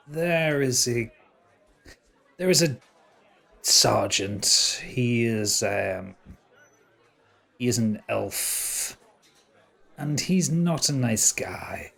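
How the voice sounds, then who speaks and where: Halting game master. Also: male voice, medium pitch, lively intonation, gravelly. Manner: halting, repeats words while narrating. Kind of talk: narrating a tabletop game.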